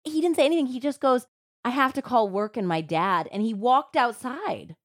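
A woman hosting a true crime podcast, retelling a case in a casual, animated way with lots of "like" fillers. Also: fairly high pitch, moderate pace, no room sound, studio quality. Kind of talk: casual storytelling chat.

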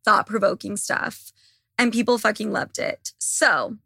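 This young podcast host has a sharp, fairly high voice with lively intonation and an unhurried pace, captured in studio quality with no echo. Talking casually to her listeners, she's blunt, profane, and gossipy, and her voice is wearing out as she loses it.

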